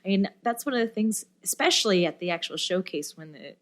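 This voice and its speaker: A woman being interviewed on a podcast, telling a story in a lively, casual way with lots of fillers and acted-out quotes. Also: medium pitch, a little fast. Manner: animated storyteller, many fillers, acts out quoted voices. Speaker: guest, musician and camp director.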